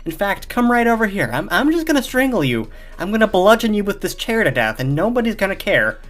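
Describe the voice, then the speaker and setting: A man's voice: high voice, sing-song, a little fast, a bit bright, voice pushed up. A man doing a stammering, timid young detective. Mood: unhinged. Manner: stammering, pleading. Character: timid young male detective turned murderous.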